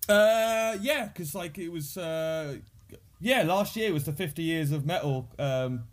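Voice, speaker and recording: A man's voice: a little high, animated, a little slow. A man from Birmingham with a Brummie accent, chatting casually and laughing often, self-deprecating. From Birmingham, England. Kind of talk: casual chat.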